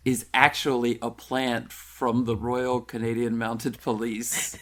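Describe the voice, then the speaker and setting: A man's voice: mid-range voice, little pitch movement, slow, few pauses, a bit bright. Playful joking man. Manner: playful, riffing on jokes. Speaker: podcast co-host. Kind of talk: casual comedic chat.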